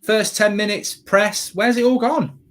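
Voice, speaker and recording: Brief: excitable male host, slightly higher voice, watchalong banter, trips over his words. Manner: excitable, quick restarts and self-corrections. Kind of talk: live football watchalong chat.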